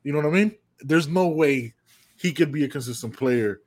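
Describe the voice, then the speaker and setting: Podcast co-host from the United States, rambling and profane. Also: male voice, a little high, normal speed, background noise. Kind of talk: casual sports chat.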